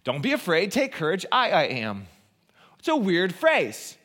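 A male pastor preaching a sermon, animated, rising to near-shouts on key points and dropping low and soft for emphasis. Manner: reads scripture aloud in a slow, emphatic cadence.

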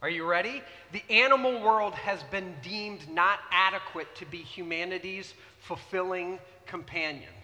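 A man preaching a sermon in an animated, conversational way, often asking the audience questions. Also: high voice, normal speed, few pauses. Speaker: pastor. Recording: reverberant hall.

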